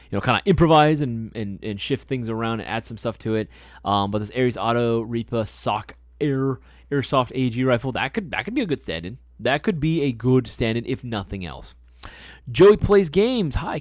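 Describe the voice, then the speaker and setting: A man's voice: medium pitch, no room sound, studio quality. A young man hosting a live stream, answering chat questions in a laid-back, slangy way, swearing now and then and repeating his phrases. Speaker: livestream host answering chat.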